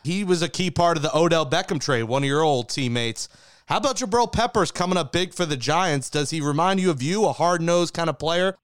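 A man's voice: on the high side, expressive, brisk, fairly bright tone, smooth, dry recording, studio quality. A man hosting a sports podcast, steering the talk with wry jokes. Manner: wry, joking. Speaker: podcast host.

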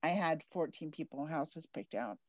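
A woman's voice: low voice, normal speed, darkish tone, dry recording. A woman hosting an interview podcast, bubbly and gushing, laughing often as she chats. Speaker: podcast host. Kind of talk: casual interview chat.

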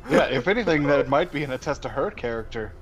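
A man's voice: medium pitch, animated, fast, music in the background. A man playing a tabletop game, chatting in a wry, joking way. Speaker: player. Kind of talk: casual chat. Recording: dull lo-fi sound.

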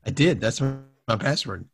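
A man improvising comedy as a ship captain, speaking in a hesitant, dry way with a gravelly voice. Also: mid-range voice.

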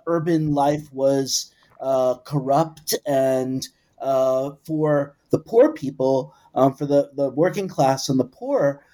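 A man's voice: mid-range voice, mellow. A man answering an interview question in a thoughtful, explanatory way. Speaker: scholar guest.

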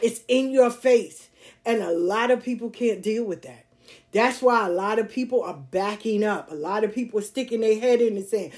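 Blunt, emphatic woman podcaster, slightly high voice. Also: normal speed, darkish tone. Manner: blunt, emphatic, repeats catchphrases, laughs often. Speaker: podcast host. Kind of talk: casual monologue.

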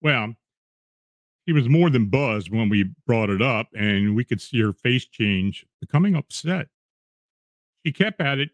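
A man reading eerie true accounts aloud in a steady, measured storytelling voice, with the odd restart. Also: medium pitch, no echo, muffled recording. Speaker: narrator reading paranormal accounts.

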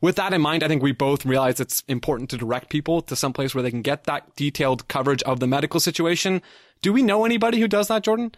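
A man's voice: a little high, fast talker, no room sound, studio quality. A man co-hosting a casual soccer podcast, easygoing and leading the talk with frequent laughs. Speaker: podcast co-host.

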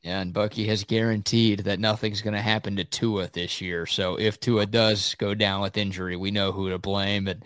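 A man's voice: fairly low pitch, level tone, moderate pace, hardly any pauses, fairly bright tone, dry recording, clean studio sound. A man co-hosting a sports podcast, giving firm, opinionated takes in casual talk. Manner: opinionated, emphatic.

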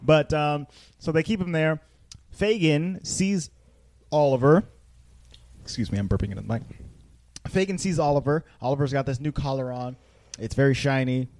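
A man's voice: on the high side, expressive, normal speed, long pauses, darkish tone, no echo. A man casually recapping a movie with friends on a podcast, rambling and laughing often. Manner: rambling, laughs often, slips into silly character voices. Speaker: podcast host. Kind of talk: casual chat, recapping a film.

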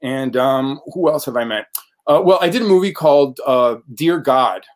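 A man's voice: medium pitch, lively intonation, moderate pace. Chatty man rambling about acting work. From United States. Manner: chatty, rambling, frequent fillers. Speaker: actor guest. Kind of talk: casual interview.

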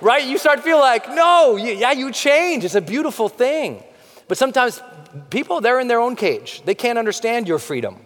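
A man giving an energetic motivational talk, swinging from hushed lines to shouting. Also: very high voice, normal speed. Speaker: motivational speaker. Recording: live hall with long reverb.

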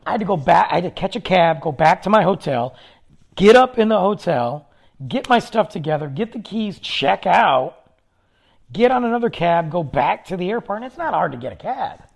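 A man with a husky, slightly rough voice spins a casual story for his podcast. His pitch swings up and down as he gets caught up in the telling, and he rambles along with ums and restarts. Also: moderate pace. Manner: rambling, animated anecdote-telling with fillers. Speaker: podcast host.

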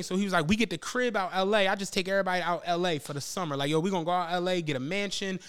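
A man's voice: high-pitched, racing, few pauses, a bit bright, smooth. A man hosting a podcast, telling a story in casual chat and acting out the quotes, with lots of profane slang. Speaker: podcast host.

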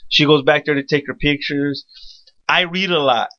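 A man's voice: on the high side, fairly even intonation, normal speed, highs cut off. A man hosting a podcast, telling a profane, boastful story and laughing through it. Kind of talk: casual storytelling chat.

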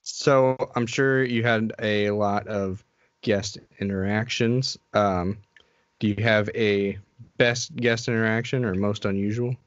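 Male host, very slow deliberate talker, low voice, dry muffled sound. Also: fairly even intonation, dry recording. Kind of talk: casual interview.

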